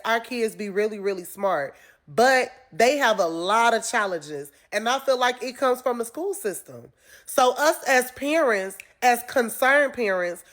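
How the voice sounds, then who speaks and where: A woman speaking as a concerned parent, emphatically complaining about schools. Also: a little high. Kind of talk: opinion vlog.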